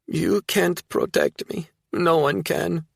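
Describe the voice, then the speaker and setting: A man's voice: a little high, slow pace, creaky, no echo, studio quality, pitched above the performer's own voice, exaggerated voice. A man voicing a frightened, battered young woman who pleads fearfully in an audiobook.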